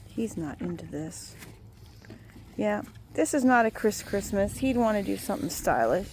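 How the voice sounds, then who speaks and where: Woman, rambling sing-song baby talk to a farm animal, gravelly, faint outdoor noise on a phone. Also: medium pitch, animated, normal speed. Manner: sing-song baby talk to a cow, drifting into soft musings. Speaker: animal lover talking to a cow. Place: outdoors by a cow pasture.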